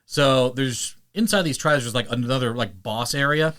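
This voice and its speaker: A man hosting a podcast and chatting casually, animated and quick to slip into playful voices; he narrates audiobooks. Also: mid-range voice. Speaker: podcast host. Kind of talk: casual chat.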